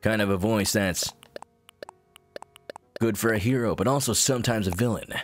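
A man's voice: lowish voice, moderate pace, slight background noise. A man streaming a video game, chatting casually and jokily with his chat. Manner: chatty, jokey, talks to chat.

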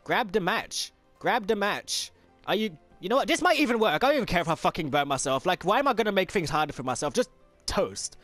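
A young man giving let's play commentary, frustrated and swearing, yelling at the game. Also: sits high, very animated, quick pace, no room sound, faint music behind. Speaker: gameplay commentator.

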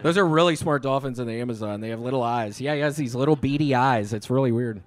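A man, a comedian guest on a live stage, bantering in an absurd way, swearing often and bursting into sudden shouts. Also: mid-range voice, quick pace, dry recording. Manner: swears a lot and breaks into sudden loud shouting. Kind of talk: absurd deadpan stand-up banter.

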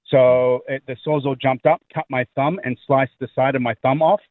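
A man's voice: medium pitch, fairly even intonation, moderate pace, no echo. A man calling in to a radio show, telling a story in a rambling way and repeating himself. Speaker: caller. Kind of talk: phone-in story. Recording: tinny phone line.

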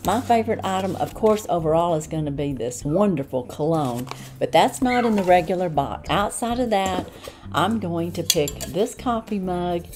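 A woman's voice: on the low side, animated, normal speed, a little mellow, slight background noise. A woman with a Southern accent chatting enthusiastically through an unboxing review in a homey way. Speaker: unboxing vlogger. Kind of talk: casual product review.

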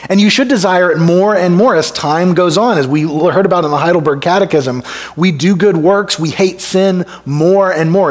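A male pastor preaching an expository sermon in a conversational way, asking the congregation rhetorical questions and dropping to a hush for emphasis. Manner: drops to a hushed low voice for emphasis. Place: church sanctuary.

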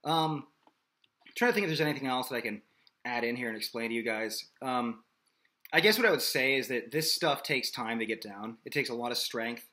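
A man's voice: medium pitch, brisk, bright, forceful tone. A man teaching a singing lesson in a casual, explanatory way, often checking in with "okay?". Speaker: vocal coach. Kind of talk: singing lesson with sung demonstrations.

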